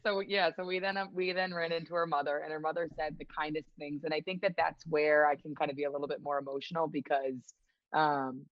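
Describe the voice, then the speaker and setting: A young woman guest telling stories in a casual interview, lively and acting out other people's lines. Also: sits low, brisk, no echo, muffled recording. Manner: lively storyteller who acts out quoted voices. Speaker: guest, hockey player. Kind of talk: casual interview chat, storytelling.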